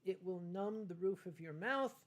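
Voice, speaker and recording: A tipsy man hosting a casual livestream from home, rambling and halting through viewer comments with many fillers and restarts. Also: high-pitched. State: tipsy from wine. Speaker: livestream host.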